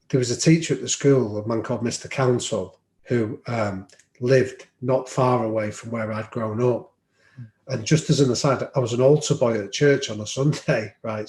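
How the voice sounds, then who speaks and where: A man with a medium-pitched, darkish voice tells stories in a podcast interview, thoughtful and anecdotal and peppered with ums. The room gives the recording a noticeable echo.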